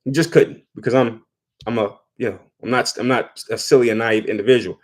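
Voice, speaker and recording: Brief: a man of medium pitch, chatty vlogger commentary, loose restarts. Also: fairly even intonation, a little fast. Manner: conversational, repeats words while thinking. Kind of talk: casual commentary.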